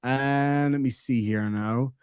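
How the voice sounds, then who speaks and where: A man's voice: mid-range voice, steady tone, takes it slowly, darkish tone, clean tone, no echo, studio quality. An Irish man in his thirties hosting a live stream, joking and reading out viewer comments in casual chat. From Ireland. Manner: jokey, reads viewer comments aloud.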